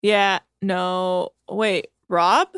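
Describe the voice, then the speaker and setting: Playful woman co-host, unhurried. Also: mid-range voice, little pitch movement, a bit bright, clean tone, dry recording, clean studio sound. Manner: joke-telling, playful mock outrage. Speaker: podcast co-host. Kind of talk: casual chat.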